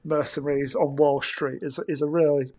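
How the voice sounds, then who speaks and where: A man co-hosting a casual film discussion, halting and repeating words as he thinks aloud. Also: a little high, fairly even intonation, dark tone. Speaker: podcast co-host.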